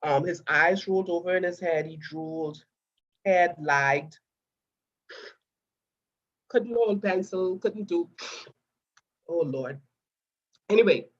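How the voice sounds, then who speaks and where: A woman's voice: on the low side, takes it slowly, long pauses, muffled recording. A woman, a nurse, giving an earnest personal testimony and getting emotional. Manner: earnest, addresses listeners as "guys".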